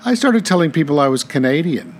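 A man's voice: on the high side, big pitch swings, quick pace. A man from the United States co-hosting a casual talk show, chatty and explaining things at length. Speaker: co-host. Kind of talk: casual radio chat.

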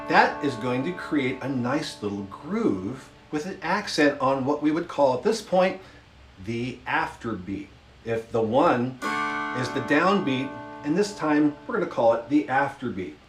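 Slow, patient man teaching strumming. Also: mid-range voice, expressive, music in the background. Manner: slow, patient counting along while strumming. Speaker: music teacher. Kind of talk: instructional lesson with demonstrations. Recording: roomy sound with instrument playing.

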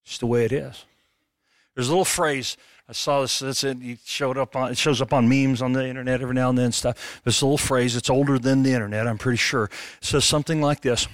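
A middle-aged man preaching a sermon as a pastor, animated and conversational, with jokes. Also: mid-range voice, brisk, dry recording, clean studio sound.

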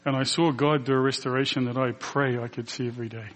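Male preacher, mid-pitched, earnest and emotional storyteller voicing the people in his story, in a reverberant church hall. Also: steady tone, fast talker, fairly bright tone. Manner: earnest storytelling, acting out quoted dialogue. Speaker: pastor. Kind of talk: personal testimony in a sermon.

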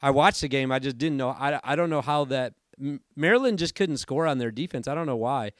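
A man in his thirties hosting a casual sports podcast, chatty and rambling, his voice hoarse from allergies. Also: medium pitch, brisk, dry recording, studio quality. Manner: chatty and rambling, self-correcting. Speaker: podcast host.

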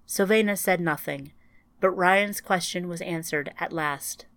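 A woman narrating a scripted audiobook in a quiet, even storytelling manner. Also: on the low side, unhurried, no echo.

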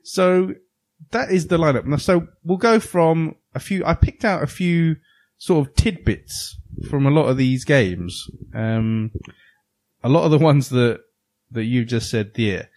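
Guy on a gaming podcast, chatty, jokes around while reading a plot out, voice jumps way up now and then. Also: a little slow. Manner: animated, jokey, sudden jumps in pitch. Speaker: podcast co-host. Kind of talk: casual chat, reading a game plot aloud.

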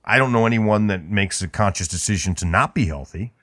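A man's voice: on the low side, brisk, fairly bright tone, dry recording, clean studio sound. A man co-hosting a podcast in casual banter, joking and rambling with plenty of ums and uhs. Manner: joking, rambling with many fillers. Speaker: podcast co-host.

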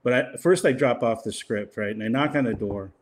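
A man's voice: mid-range voice, a little fast. Older man telling a rambling story. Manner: rambling, laughing often, quoting others in a put-on voice. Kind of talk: casual anecdote.

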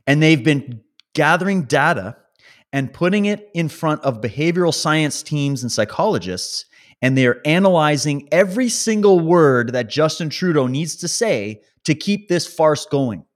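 A man from Canada hosting a podcast, reading a news article aloud and ranting over it in a sarcastic, mocking way. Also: a little high. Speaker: podcast host.

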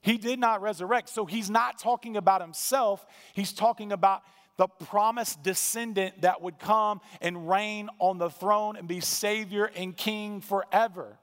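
A male pastor preaches in a conversational, emphatic way, with a few dry asides. His voice sits fairly high for a man. A long church-hall reverb trails every phrase. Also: fairly even intonation, measured pace, a bit bright. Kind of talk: sermon.

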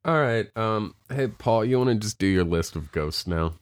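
A man's voice: fairly low pitch, moderate pace, no room sound. A man hosting a podcast in casual chat, dry and sarcastic, steering the talk. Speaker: podcast host.

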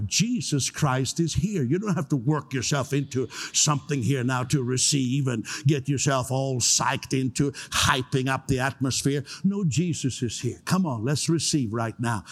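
A pastor preaching in a relaxed, conversational way, with joking asides, easing into prayer. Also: male voice, mid-range voice. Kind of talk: sermon.

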